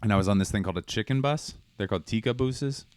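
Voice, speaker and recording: Man, very low voice, smooth, casual podcast chat, animated storytelling. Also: fast, dry recording. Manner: animated storyteller with loud bursts. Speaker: podcast co-host.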